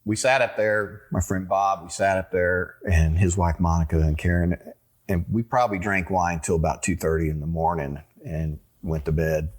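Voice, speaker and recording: A man's voice: deep voice, fairly even intonation, normal speed. A man, a winery owner telling a rambling story in a casual interview, full of fillers and restarts.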